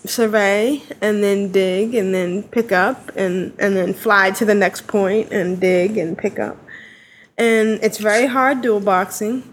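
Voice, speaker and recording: A woman's voice: mid-range voice, steady tone, slow pace, slight background noise. A woman co-hosting a casual gaming podcast, chatty and giggly, wandering through her story. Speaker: podcast co-host.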